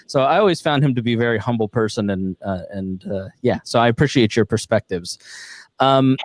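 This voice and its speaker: A man hosting an online question session, talking in a relaxed, conversational way with plenty of fillers. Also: mid-range voice, fairly quick, no room sound. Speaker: host. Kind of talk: casual moderating. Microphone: video call.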